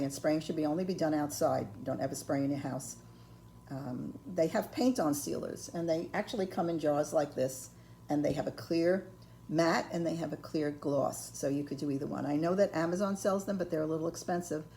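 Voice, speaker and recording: Gravelly, low-voiced older woman teaching crafts. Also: warm tone, slight background noise. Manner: patient, folksy, with frequent ums and okays. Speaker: ceramics painting instructor. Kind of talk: step-by-step craft tutorial.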